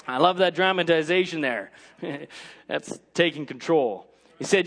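A man preaching with fervent emphasis, dropping "Amen" between his lines. His voice sits a little high for a man, and it climbs when he gets worked up. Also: expressive, a little slow, creaky. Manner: emphatic, frequent "Amen", rising to shouts. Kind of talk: sermon.

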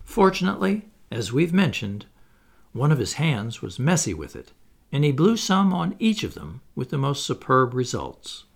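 A man reading a children's story aloud as narrator, in an expressive, playful way. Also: mid-range voice, normal speed, creaky. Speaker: audiobook reader.

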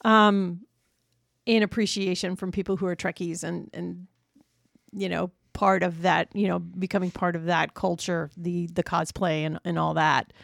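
A woman's voice: on the low side, level tone, normal speed, creaky, dry recording, clean studio sound. A woman co-hosting a podcast, chatting casually and easygoing about a movie. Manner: easygoing, backchannels and laughs along. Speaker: podcast co-host.

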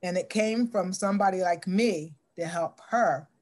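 A middle-aged woman telling a story in an interview, acting out the dialogue with lively shifts in voice. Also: fairly low pitch, normal speed.

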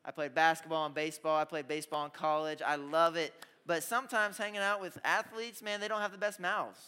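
Energetic young preacher in a reverberant hall. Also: male voice, a little high, a little fast, clean tone. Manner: energetic storytelling with audience call-outs. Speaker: youth pastor. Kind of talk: sermon.

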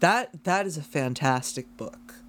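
A man's voice: a little high, animated, a little slow, a bit bright, slight background noise. A man co-hosting a casual chat podcast, making dry joking asides. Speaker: podcast co-host.

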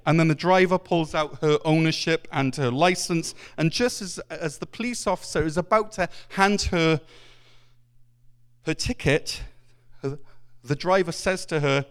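A man with a high, clear, smooth voice preaches a Sunday sermon in a church. He speaks earnestly and acts out the voices in his stories. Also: a little slow.

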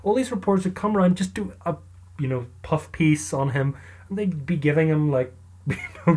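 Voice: medium pitch, darkish tone. A casual storyteller with a wry, chatty delivery and an ordinary mid-range voice. The telling is loose and conversational, full of asides to the listener. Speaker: storyteller narrator.

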